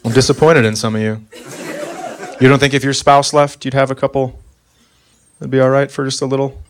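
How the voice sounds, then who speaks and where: A man in his thirties does a stand-up set before a laughing audience, telling exasperated, animated stories about family life and voicing the quotes. His mid-range voice moves briskly, and the live club recording has clear ambient noise.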